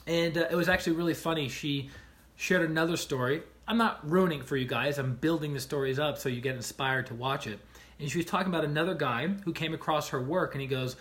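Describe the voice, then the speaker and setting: A man on a casual livestream, retelling stories in an animated way and acting out the people in them, often checking in with the listener with "right?". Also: a little high, fairly quick. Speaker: life coach streaming to viewers.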